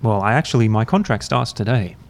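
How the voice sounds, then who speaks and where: A man hosting a podcast, chatting in a relaxed, rambling, self-mocking way while drinking beer. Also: lowish voice, fairly quick, a little hiss or hum. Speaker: podcast host. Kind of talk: casual chat. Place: university room, drinking beer.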